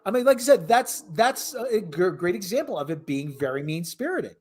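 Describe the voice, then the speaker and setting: Man, podcast host, sardonic, rambling, lively pitch, casual commentary. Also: moderate pace. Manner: sardonic, rambling, restarts often.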